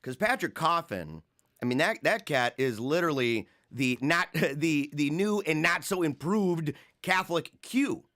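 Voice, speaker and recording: A man's voice: a little high, lively intonation, measured pace, fairly bright tone. A man hosting a livestream show, chatting casually, rambling, mocking and laughing often as he reads viewer comments. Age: adult, married with young children.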